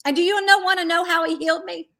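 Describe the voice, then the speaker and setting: Middle-aged woman telling her faith story, high bright voice, earnest and animated. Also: fast talker, creaky. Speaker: guest. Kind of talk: sharing a faith testimony.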